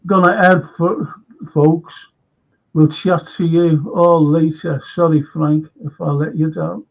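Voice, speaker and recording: An older man with a Liverpool accent hosts a live fan stream, reading out comments and wandering through anecdotes. His voice is gravelly and husky. The sound is dull and lo-fi. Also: fairly high pitch, level tone, takes it slowly. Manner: rambling anecdotes with repeated restarts. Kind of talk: casual chat reading viewer comments.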